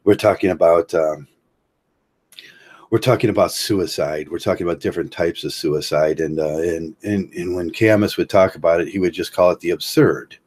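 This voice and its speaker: Low husky-voiced Midwestern man rambling. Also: a little mellow. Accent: American Midwest. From Ohio, USA. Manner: halting, many fillers and restarts, chuckles often. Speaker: livestream host. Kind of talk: rambling livestream monologue.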